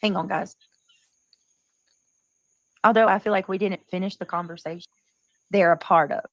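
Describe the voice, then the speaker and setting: A woman hosting a casual livestream, talking in a rambling way and often clearing her throat. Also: mid-range voice, steady tone, moderate pace, fairly bright tone, no echo, rough recording. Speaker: livestream host.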